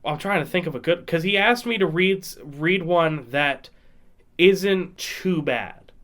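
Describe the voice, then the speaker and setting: A man's voice: fairly high pitch, lively intonation, a little slow, fairly bright tone. A man co-hosting a casual podcast, rambling with many restarts. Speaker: podcast co-host. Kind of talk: casual chat.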